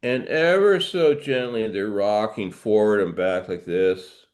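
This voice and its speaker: A middle-aged man, a trauma therapist, gently guiding listeners through arm-swing exercises and explaining body reactions. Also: on the low side, a little slow. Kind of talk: guided movement instruction.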